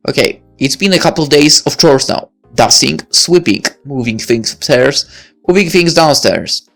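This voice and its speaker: A woman voicing a thoughtful high school senior girl while reading a visual novel aloud, in a musing inner-monologue manner. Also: lively intonation, moderate pace, gravelly, faint music behind.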